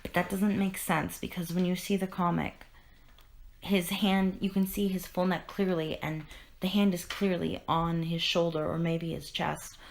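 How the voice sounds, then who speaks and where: A woman hosts a casual comic podcast in a fairly low voice. She retells the story earnestly and emotionally, often restarting her sentences. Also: little pitch movement, a little slow, vocal fry. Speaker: podcast host.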